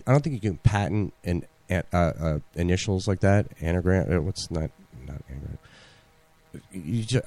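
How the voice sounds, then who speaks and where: Deep-voiced rambling male podcast host. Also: darkish tone. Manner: rambling, many fillers and restarts. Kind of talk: casual chat.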